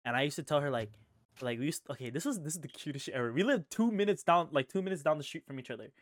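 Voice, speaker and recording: Young man, casual podcast chat, rambling, animated pitch, somewhat high voice. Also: very fast, dry recording. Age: young adult. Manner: rambling, heavy use of "like", laughs often. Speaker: podcast co-host.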